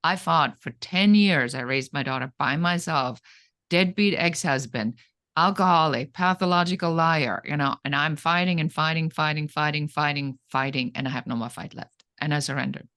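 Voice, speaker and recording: A middle-aged businesswoman from Germany recounts her comeback as an interview guest. Her delivery is animated and dramatic, with pitch jumping up when she acts out what people said. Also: moderate pace. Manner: animated, dramatic storytelling with acted-out quotes. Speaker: guest, entrepreneur. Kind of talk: storytelling in an interview.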